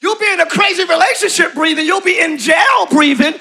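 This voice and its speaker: A man preaching a live sermon in a church, shouting his points and calling on the congregation to answer. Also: extremely high pitch, fairly quick. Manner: preaching with shouted emphasis and call-and-response to the congregation. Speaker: pastor. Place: church sanctuary.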